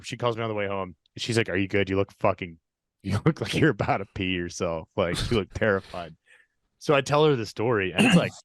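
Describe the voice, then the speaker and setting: A young man tells a spooky story in a relaxed, profane ramble, acting out each line of dialogue as he goes. His voice sits on the low side. The recording is dry and close, with no room sound. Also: dry recording. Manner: profane, animated retelling with quoted dialogue. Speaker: podcast storyteller. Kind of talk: casual storytelling.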